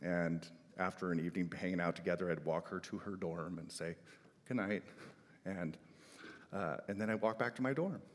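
A man's voice: sits low, normal speed. Emphatic male preacher in a reverberant hall. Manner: emphatic, swings between loud and soft. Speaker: pastor. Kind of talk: sermon.

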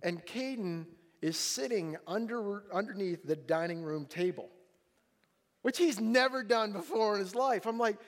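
High-voiced pastor preaching in a hall. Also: male voice, moderate pace. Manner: animated, jokey storytelling with lively acted-out dialogue. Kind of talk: sermon storytelling. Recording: long reverb of a large hall.

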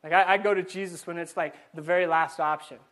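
High-voiced man preaching a lively sermon. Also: quick pace. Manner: animated, stumbles and repeats words, asks the audience questions. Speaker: pastor. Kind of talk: conversational sermon. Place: church before a live congregation.

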